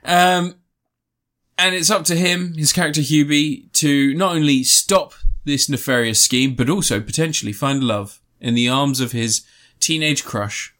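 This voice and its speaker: A man's voice: a little high, a little slow, a bit bright. A man co-hosting a casual comedy podcast, talking in a sarcastic, sweary, mock-earnest way. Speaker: podcast co-host.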